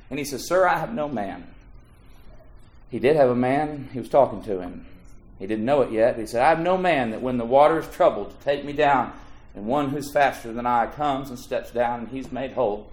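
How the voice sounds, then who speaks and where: A man in his thirties preaching a sermon, swinging between hushed low phrases and loud rising emphasis as he quotes scripture in old-fashioned wording. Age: 30s.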